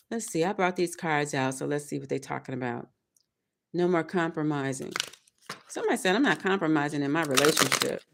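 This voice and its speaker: A woman's voice: fairly low pitch, a little hiss or hum. Emphatic woman preaching motivational self-talk. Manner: preachy, emphatic, repetitive, speaks in affirmations. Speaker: tarot reader.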